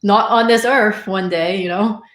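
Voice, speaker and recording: A woman's voice: mid-range voice, fairly even intonation, unhurried, echoey room, a little hiss or hum. A woman in a casual conversation, talking in a comforting way and often adding "you know".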